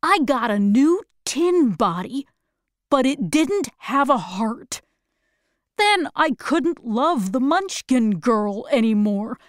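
A woman voicing a gentle, sad tin man. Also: high-pitched, very animated, slow, exaggerated voice. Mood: wistful.

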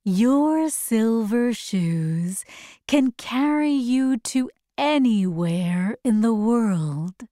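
A kind, gracious good witch, read by a woman, tender and unhurried. Her words are stretched very slowly, with a lively lilt in the pitch. The sound is close and dry. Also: no room sound.

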